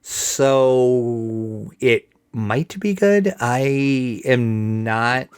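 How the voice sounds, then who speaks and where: A man's voice: mid-range voice, animated, drawn-out words, clear, resonant tone, no echo. Co-host, man, blunt and casual, dry close sound. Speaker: podcast co-host. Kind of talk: casual chat about tabletop games.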